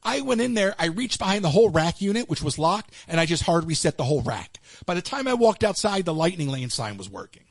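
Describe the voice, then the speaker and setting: A man's voice: sits high, fast, creaky, hardly any pauses, no room sound. An American man hosting a call-in show, telling stories in casual chat and acting out what others said. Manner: animated storyteller acting out quotes.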